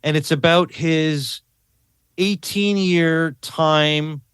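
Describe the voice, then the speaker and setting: A man's voice: a little high, extremely slow, a bit bright, smooth, no room sound, studio quality. A man as a podcast guest talking earnestly in a casual conversation, often repeating words and adding tag questions.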